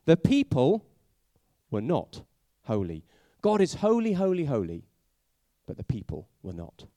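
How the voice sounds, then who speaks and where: A man preaching a sermon, telling it like a story and asking his listeners many questions, sometimes dropping to a hushed voice for emphasis. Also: fairly high pitch, wildly swooping pitch, a little slow, no room sound. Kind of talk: sermon for a family audience.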